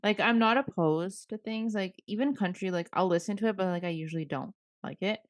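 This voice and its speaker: A woman's voice: mid-range voice, a little fast, no echo, clean studio sound. A young woman in her twenties co-hosting a podcast, rambling casually with lots of "like". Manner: rambling, heavy use of "like". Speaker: podcast co-host. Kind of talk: casual chat.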